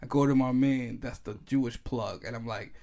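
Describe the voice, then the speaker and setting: A man's voice: mid-range voice, moderate pace, vocal fry. A man telling a story in casual chat, using heavy slang and acting out quotes. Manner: animated street slang, acts out quotes.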